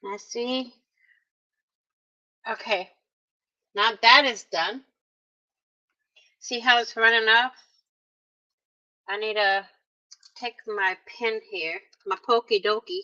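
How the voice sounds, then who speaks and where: A woman's voice: medium pitch, steady tone, takes it slowly, pauses often, bright, forceful tone. A woman narrating a casual crafting tutorial, chatty and talking straight to her viewers with playful little exclamations, in a dull lo-fi recording. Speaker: craft vlogger.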